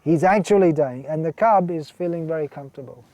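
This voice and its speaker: Male monk, sermon delivery, earnest and emphatic, fairly high, mellow-toned voice. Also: a little fast, dry recording. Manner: earnest, emphatic, repeats key words, reads out quotations. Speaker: monk lecturing on scripture.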